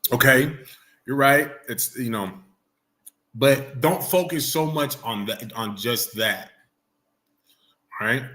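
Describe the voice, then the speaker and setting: A man teaching a religious class, questioning his students and coaxing answers out of them. He repeats himself often and reads scripture slowly and deliberately. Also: medium pitch, sharp tone.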